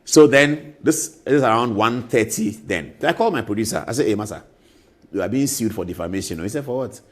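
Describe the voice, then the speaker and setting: A man, a talk show host telling a story in an animated way and acting out both sides of phone calls. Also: mid-range voice, brisk.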